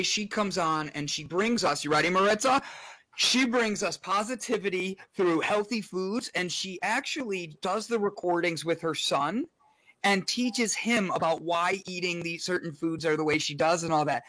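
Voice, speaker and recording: Male talk show host, upbeat, slightly high voice. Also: bright, forceful tone, low-quality recording. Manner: enthusiastic, quick introductions. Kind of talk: casual talk show hosting.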